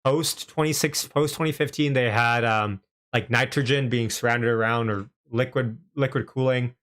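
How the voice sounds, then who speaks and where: A young Canadian man, lightly accented, hosts a casual live stream where he chats, laughs often, and reads out viewers' messages. His mid-range voice is fairly bright, with fairly even intonation and a normal speed.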